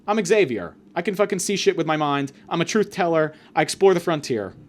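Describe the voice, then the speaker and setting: A man's voice: on the high side, lively intonation, brisk, a little hiss or hum. A young man hosting a podcast, ranting in a mock-grandiose comedic monologue with sudden swings in volume. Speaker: podcast host.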